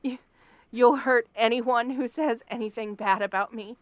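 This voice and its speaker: A woman's voice: a little high, steady tone, measured pace, no echo, close to an everyday voice. A young woman acting a frightened captive in an audio drama, stammering and pleading. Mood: pleading, scared. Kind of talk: audio role-play.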